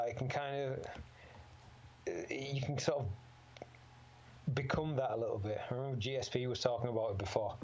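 With a steady, darkish, mid-range voice, this amateur MMA fighter guest speaks briskly but pauses often. He's rambling and laughing in a casual chat about fighting, cursing freely, on a slightly dull lo-fi recording.

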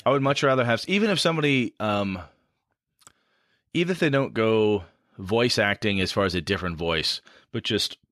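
A man's voice: fairly low pitch, a bit bright, no room sound, studio quality. A man talking casually on a podcast about running tabletop games, rambling and self-deprecating.

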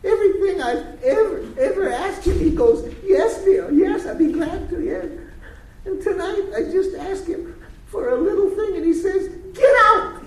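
Distraught pregnant young wife, high strained falsetto, pleading, put on by a man, echoey room, distant mic. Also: expressive, normal speed, darkish tone, a little hiss or hum.

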